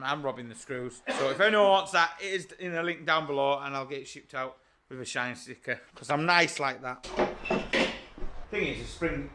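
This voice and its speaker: A man talks to camera in a loose, rambling, jokey way, getting excited and hopping from thought to thought. His voice sits fairly high for a man. A faint hum of background noise runs under the talk. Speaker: car channel host. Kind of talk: casual chat to camera.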